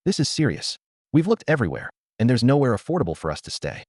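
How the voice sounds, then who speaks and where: A man's voice: mid-range voice, sing-song, fast talker, a little mellow, dry recording, studio quality. A man voicing a desperate adult sister and mother who pleads, then turns furious, in a story reading. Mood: pleading.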